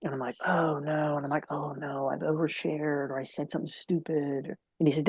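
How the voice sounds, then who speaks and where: A man's voice: on the high side, level tone, a little fast, husky, dry recording. A man speaking as a podcast guest, telling a heartfelt story in an earnest way and repeating key phrases for emphasis.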